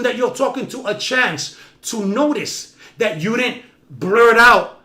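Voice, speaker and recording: Animated bright-voiced man, lively motivational host. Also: takes it slowly. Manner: animated, swinging from loud emphatic bursts to low quiet asides. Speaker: host of a live-streamed talk show. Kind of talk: motivational live-stream monologue.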